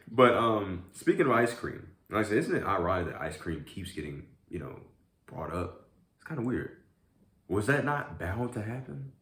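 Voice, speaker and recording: A man with a very deep, low voice chats casually as he eats, rambling through a story with lots of filler words. The room around him is echoey. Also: sing-song, moderate pace, a bit bright. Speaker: vlogger. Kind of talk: casual chat while eating.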